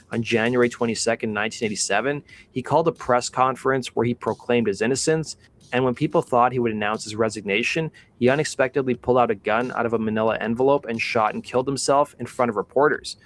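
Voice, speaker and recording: A man co-hosting a live show, telling a prepared story in a steady, measured way. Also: mid-range voice. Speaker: co-host.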